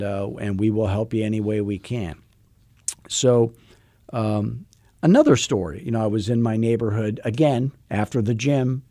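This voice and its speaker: Mellow low-voiced male sales coach. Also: dry recording. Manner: chatty, repeats himself, frequent restarts. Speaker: real estate sales coach. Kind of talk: podcast monologue with anecdotes.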